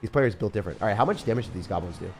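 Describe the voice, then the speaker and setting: A young man commentating his own game on a live stream, fast and jokey, chatting to viewers as he plays. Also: on the low side, animated, vocal fry, faint music behind. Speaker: gaming streamer.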